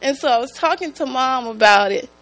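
A woman giving a church testimony, speaking in a slow, halting, emotional way. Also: high-pitched, faint music behind, poor audio. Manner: slow, halting, emotional, prone to rising excitement. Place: church sanctuary. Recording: mains hum in the background.

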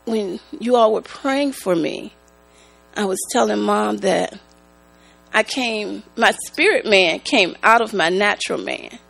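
A woman giving a church testimony, speaking in a slow, halting, emotional way. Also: mid-range voice, gravelly, rough recording. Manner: slow, halting, emotional, prone to rising excitement. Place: church sanctuary. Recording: mains hum in the background.

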